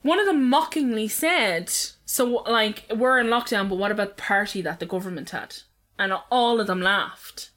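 A woman's voice: medium pitch, normal speed, a bit bright. A woman, co-hosting a casual, gossipy podcast chat and reading news headlines aloud. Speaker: podcast co-host.

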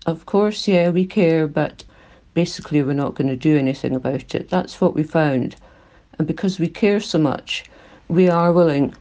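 A woman's voice: deep voice, mellow. An older woman with a Glaswegian accent, a climate activist speaking earnestly and with feeling in a recorded interview, her voice shaking at times. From Scotland.

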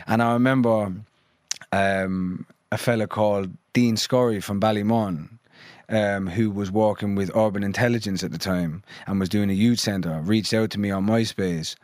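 A young man from London and Ireland talks as a podcast guest in a somewhat low voice. His chat is loose and frank, full of swearing, "like" and "you know". The sound is dry and close, with no room echo. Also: fairly even intonation, normal speed, darkish tone. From London and New Ross, Ireland. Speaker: musician guest.

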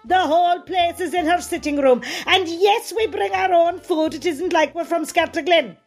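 A woman's voice: very high-pitched, moderate pace, soft background music. An actress playing a chatty middle-aged rural woman from North Cork with a North Cork accent, writing in to an advice column. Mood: gossipy. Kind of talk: comic radio sketch.

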